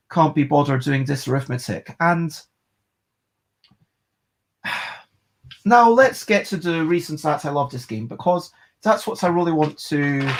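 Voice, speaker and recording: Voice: medium pitch, vocal fry. A board game reviewer, giving a casual, rambling video review and thinking aloud.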